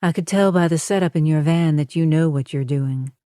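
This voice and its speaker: A woman's voice: low-pitched, a little fast, warm tone, no echo, studio quality, natural voice. A woman narrator voicing a female undercover agent who talks firmly and defiantly. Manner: firm, defiant.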